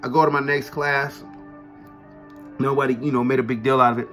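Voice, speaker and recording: A man's voice: medium pitch, flat delivery, fairly quick, fairly bright tone, soft background music. A man casually telling a story from his school days in a laid-back, profane way, full of street slang and "you know what I'm saying". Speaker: vlogger telling a personal story.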